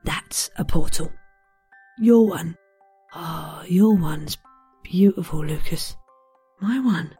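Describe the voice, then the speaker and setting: A woman doing a gentle, polite teddy bear. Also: on the low side, slow, pauses often, breathy edge, faint music behind, exaggerated voice. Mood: proud. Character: kindly polite teddy bear, male, small.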